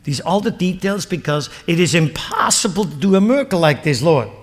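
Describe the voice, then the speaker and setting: A man preaching a sermon, reading scripture aloud and explaining it, rising to loud emphatic peaks and dropping to low asides. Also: animated, a little fast, big-room sound.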